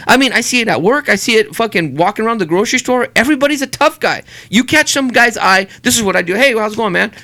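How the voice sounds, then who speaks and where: A man's voice: extremely high pitch, quick pace, few pauses. A middle-aged man co-hosting a podcast, telling stories and ranting in casual chat with lots of swearing. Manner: profane, animated storytelling, rants. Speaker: podcast co-host.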